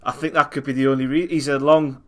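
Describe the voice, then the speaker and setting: A man's voice: medium pitch, fast. A young man, chatting bluntly and wryly about his team's latest match as a fan pundit. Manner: blunt, wry, animated when telling stories. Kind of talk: casual chat.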